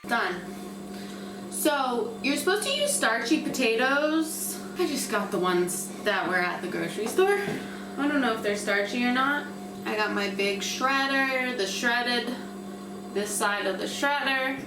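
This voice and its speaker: A woman's voice: fairly high pitch, lively intonation, measured pace, echoey room, recorded from a distance, background noise. A woman hosting her own cooking vlog, chatting casually and unsure of herself as she cooks in a home kitchen. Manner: chatty, unsure, self-deprecating while working. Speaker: cooking vlogger.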